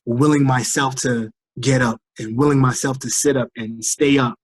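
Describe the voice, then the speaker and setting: Husky trinidad-born guy, tired and sick, acts out all the voices, dry sound. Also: mid-range voice, normal speed, no echo. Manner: animated storyteller, acts out quoted voices. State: fatigued, recovering from illness. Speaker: guest, firefighter recovering from illness. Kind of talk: casual interview over a call.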